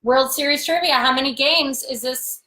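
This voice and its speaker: A bubbly woman in her thirties co-hosting a live chat show, her voice high and bright. She reads out viewer comments with easy, upbeat energy. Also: normal speed, poor audio. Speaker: co-host. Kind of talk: casual live-stream chat.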